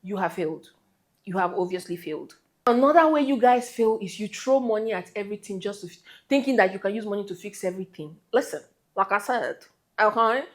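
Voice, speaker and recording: A woman's voice: mid-range voice, animated, fairly quick. Emphatic woman giving relationship advice. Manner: emphatic, scolding, talks straight to the listener. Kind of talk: direct-to-camera advice talk.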